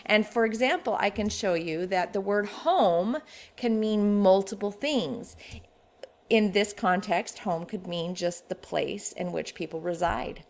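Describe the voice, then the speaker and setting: A woman's voice: mid-range voice, measured pace. A woman editor teaching an online writing workshop in a casual, conversational way.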